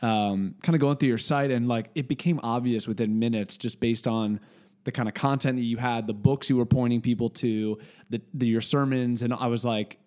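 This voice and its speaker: A man's voice: mid-range voice, steady tone, normal speed, darkish tone. Man, podcast host, casual chat, rambling, home kitchen table. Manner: chatty, rambling with restarts.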